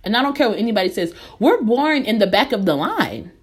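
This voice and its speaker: A woman's voice: mid-range voice, sing-song, brisk, breathy edge. A young American woman hosting her own podcast, speaking with earnest emphasis and repeating phrases to drive her points home. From United States. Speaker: podcast host. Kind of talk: impassioned personal commentary.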